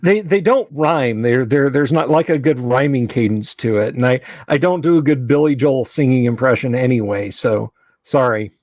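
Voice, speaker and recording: A man's voice: medium pitch, moderate pace, no echo, clean studio sound. A man hosting a casual livestream, chatty, reading viewer names aloud and laughing easily. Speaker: livestream host.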